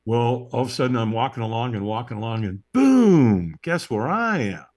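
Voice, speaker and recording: A man interviewed as a guest tells a story dramatically, acting out the moments and often checking in with tag questions like "right?". He is animated, with a medium-pitched voice at normal speed.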